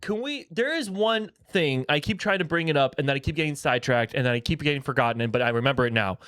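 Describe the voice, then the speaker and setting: Male podcast co-host, somewhat high voice, excitable, keeps restarting. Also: fast, clean tone. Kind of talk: casual pop-culture chat.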